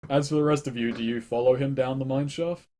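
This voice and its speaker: A man narrating a tabletop game as game master, describing scenes with halting fillers. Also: mid-range voice, fairly even intonation, dark tone.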